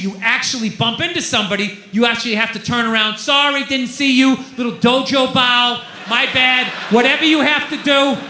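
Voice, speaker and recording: Ranting stand-up guy, high bright voice, swearing a lot, echoey club room. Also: a little hiss or hum. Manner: loud, ranting, profane, swings between shouting and muttering. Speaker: stand-up comedian. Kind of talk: stand-up comedy routine. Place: comedy club stage.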